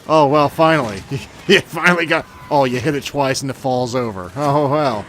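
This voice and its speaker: A man's voice: a little high, animated, moderate pace, a bit bright, faint music behind. A man giving casual gameplay commentary as a channel host, chatty and self-mocking with grumbling asides.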